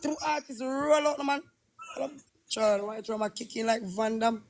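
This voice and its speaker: Loud, high-voiced Jamaican woman. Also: measured pace. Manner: loud, exclamatory, repetitive. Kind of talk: casual live-stream chat.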